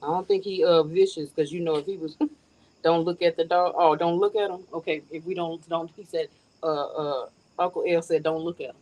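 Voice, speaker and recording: This middle-aged woman's voice is lowish and dark, with fairly even intonation and a moderate pace. She's hosting a casual live stream on her phone in a yard, chatting to viewers and laughing frequently. The low-quality recording picks up faint outdoor noise and crickets.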